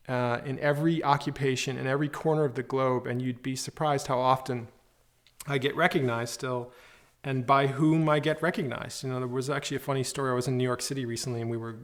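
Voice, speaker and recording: Man in a relaxed interview. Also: medium pitch. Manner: relaxed, playful storytelling. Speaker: villain actor interviewee. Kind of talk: casual interview.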